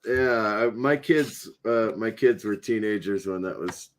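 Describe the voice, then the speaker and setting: A man's voice: on the low side, unhurried. A middle-aged American man hosting a livestream chat, joking and laughing often. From United States. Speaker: livestream host. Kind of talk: casual chat.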